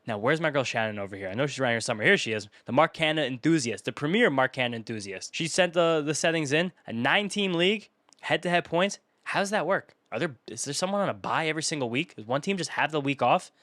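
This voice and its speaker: A young man hosting his own channel, casually commentating as he grades viewers' fantasy baseball teams, riffing quickly through lists of player names. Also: a little high, expressive, a bit bright, no room sound. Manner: rapid, chatty, riffing off a list of names.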